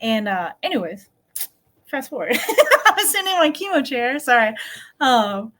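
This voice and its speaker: A woman's voice: sits high, big pitch swings, a little slow, a bit bright. A middle-aged American woman from New Mexico, telling her story as a podcast guest in a casual, upbeat way, laughing often. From New Mexico, USA. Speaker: podcast guest, dirt bike rider.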